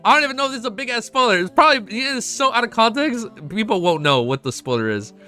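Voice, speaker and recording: Young guy streamer chatting w his viewers, bright voice, swinging pitch all over, faint music under it. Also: quick pace. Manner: excitable, swears often, talks to chat. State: emotional, close to tears. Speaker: streamer reacting to a web novel. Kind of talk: casual live-stream chat.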